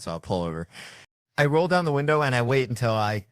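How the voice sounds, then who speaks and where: A comedian telling comic stories in an animated, swearing way, jumping up in pitch for the voices he quotes. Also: quick pace, no room sound, clean studio sound. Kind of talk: comedic storytelling.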